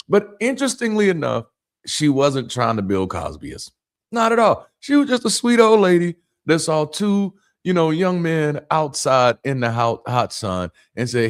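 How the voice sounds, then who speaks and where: A man's voice: on the high side, normal speed. A man in his thirties from the Southern US with a Southern accent, hosting a casual live chat and telling jokey stories. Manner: animated storyteller, jokey, laughs often. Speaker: host.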